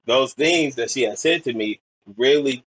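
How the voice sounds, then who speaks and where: A man's voice: medium pitch, moderate pace, fairly bright tone, slightly rough, no room sound, low-quality recording. A young man from Portland, Oregon, a podcast guest telling stories in a rambling way, full of fillers and acted-out quotes. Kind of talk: casual storytelling chat.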